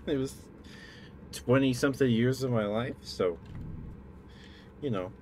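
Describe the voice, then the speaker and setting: A man's voice: mid-range voice, slow pace, darkish tone, a little hiss or hum. A young man streaming a driving game, chatting in a rambling, apologetic, self-deprecating way. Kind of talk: casual chat while playing a driving game.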